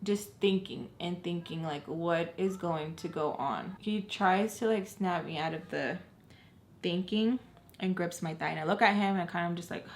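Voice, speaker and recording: A young adult woman vlogger chatting through a storytime, retelling events in an animated, casual way full of likes. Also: on the low side, moderate pace, slight background noise.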